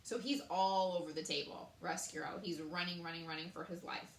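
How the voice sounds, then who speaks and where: A woman reading a children's story aloud in an animated way, adding chatty asides to her listeners, in a roomy space. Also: lowish voice, fairly quick, gravelly. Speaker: storybook reader. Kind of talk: read-aloud narration with commentary. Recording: roomy echo.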